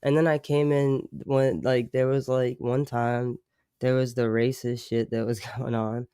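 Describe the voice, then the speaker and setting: A man with a medium-pitched, dark, smooth voice speaks flatly and a little slowly, recorded in clean studio quality with no echo. He's hosting a casual livestream chat, talking loosely and slangily with lots of "like" fillers and swearing, and he chuckles often between remarks.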